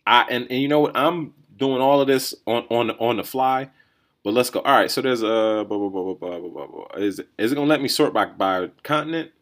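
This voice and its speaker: A man hosting a solo podcast, riffing in a rambling, think-out-loud way with lots of restarts and "right?" tags. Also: medium pitch, brisk. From New Jersey or New York area, USA. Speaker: podcast host. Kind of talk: casual solo commentary.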